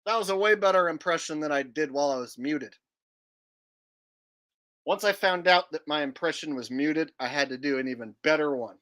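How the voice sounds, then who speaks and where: A man's voice: on the high side, moderate pace, a bit bright. A man hosting a casual livestream, joking and rambling while reading chat aloud. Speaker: livestream host.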